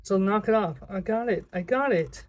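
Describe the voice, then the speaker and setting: A budgeting video creator in a casual vlog, talking to themself while counting cash aloud, sometimes slipping into a drawn-out sing-song cadence. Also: mid-range voice, muffled recording. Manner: chatty self-talk, counting money aloud.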